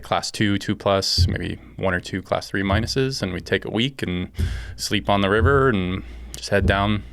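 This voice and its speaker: A man from California, a guest in a casual interview, telling stories about his life and work in a relaxed, plainspoken way. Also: sits low, gravelly, no room sound. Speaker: guest, aerospace engineer and kayaker.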